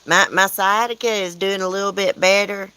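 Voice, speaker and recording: A woman's voice: medium pitch, fairly even intonation, normal speed, sharp tone, smooth, no room sound, poor audio. A woman with a Southern US accent, hosting a casual livestream from outdoors at home, rambling and answering viewers' comments aloud. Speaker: livestream host.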